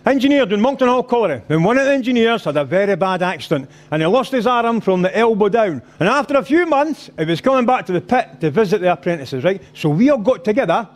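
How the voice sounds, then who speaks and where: Boisterous Scottish stand-up comedian. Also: male voice, sits high, lively intonation, fast, hardly any pauses. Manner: boisterous storytelling, swearing, slipping into character voices. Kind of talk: live stand-up set. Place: rugby club function room.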